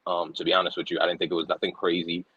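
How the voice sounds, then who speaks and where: A man's voice: sits low, little pitch movement, lo-fi sound, over a noisy crowd. A man co-hosting a movie podcast, arguing his opinions in casual chat. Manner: quick, argumentative. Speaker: podcast co-host.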